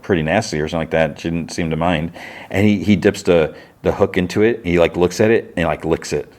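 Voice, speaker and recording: A man's voice: low voice, darkish tone. A man hosting a podcast, chatting casually as he retells a TV episode in a loose, rambling way. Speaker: podcast host.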